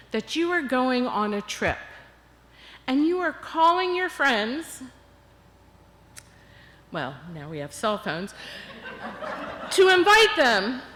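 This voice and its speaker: An older woman guest speaker leading a congregation in laughter exercises, animated and coaxing. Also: high voice. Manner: animated, coaxing, bursts into cheering and chanting. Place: church sanctuary. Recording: long hall reverb.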